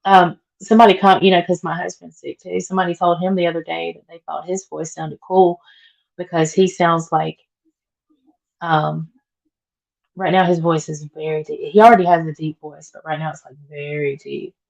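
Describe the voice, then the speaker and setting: A woman with a deep, creaky, slightly mellow voice hosts a casual home livestream as she cleans, chatting, answering viewer comments and laughing frequently. Being sick has left her voice worn. She speaks at a moderate pace with fairly even intonation, over a rough recording.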